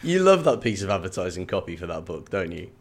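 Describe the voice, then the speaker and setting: A man's voice: low-pitched, big pitch swings, quick pace. A man co-hosting a podcast who teases his partner with dry banter. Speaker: podcast co-host. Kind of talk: casual chat.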